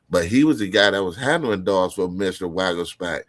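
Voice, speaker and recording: A man's voice: deep voice, normal speed, fairly bright tone, no echo. A man telling a long, rambling story as a podcast guest, swearing freely and restarting his sentences.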